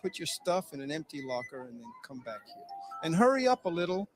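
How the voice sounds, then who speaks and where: A man's voice: fairly high pitch, sing-song, fairly quick, music in the background. A man voicing a bossy, foul-mouthed male manager in a meme video skit, barking profane orders at his new worker. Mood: irritated.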